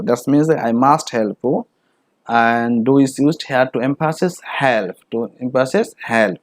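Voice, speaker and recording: A man with a Bengali accent teaches English grammar at a middling pitch. He reads each example out slowly and then repeats it. The recording is close and dry. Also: no echo.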